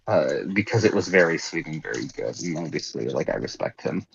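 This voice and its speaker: A man's voice: rumbling low, sing-song, brisk, creaky, lo-fi sound, background noise. An American man chatting casually on a livestream, rambling with lots of "like" and restarts. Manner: rambling, heavy use of "like" and restarts.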